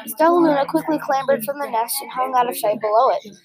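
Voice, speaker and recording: A woman reading a children's picture book aloud in a gentle, expressive way, with small slips. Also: high voice, a little fast, crowd noise, poor audio. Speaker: storybook reader.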